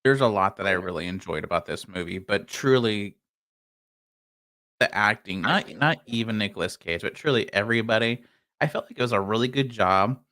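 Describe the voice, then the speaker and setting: A man with a bright, forceful tone chats about a film in a laid-back way. He hedges and fills his sentences with loose filler words. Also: on the low side, moderate pace. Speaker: podcast co-host. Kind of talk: casual movie-review chat.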